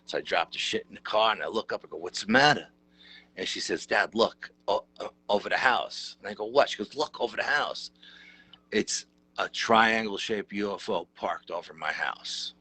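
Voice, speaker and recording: A middle-aged man, telling a story as an interview guest in a lively, casual, rough-edged way. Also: fairly low pitch, moderate pace. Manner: animated, conversational, rough-edged. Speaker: interview guest, paranormal researcher.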